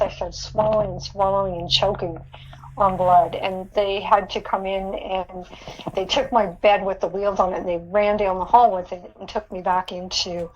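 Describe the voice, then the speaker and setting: A woman's voice: medium pitch, dull audio, a little hiss or hum. A woman guest on an interview podcast, recounting a personal experience earnestly, often repeating words and laughing. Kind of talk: interview storytelling.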